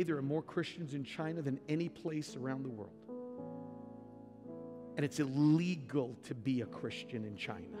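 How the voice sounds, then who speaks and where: A man preaching a sermon to his church, moving from quiet asides to loud shouted climaxes. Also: on the high side. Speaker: pastor. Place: large church sanctuary. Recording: reverberant large hall with music behind.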